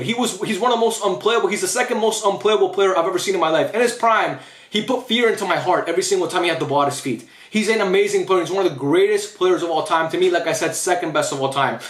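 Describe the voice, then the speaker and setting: Young man, casual opinion rant, blunt and opinionated, fast delivery, echoey room. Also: sits high. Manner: blunt, opinionated, says "bro" often. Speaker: YouTube football commentator.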